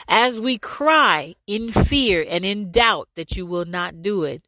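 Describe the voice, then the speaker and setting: A woman leading a fervent spoken prayer, pleading and repeating lines, at times rising to shouts and speaking in tongues. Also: medium pitch, a little slow, hardly any pauses, dry recording. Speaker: prayer leader.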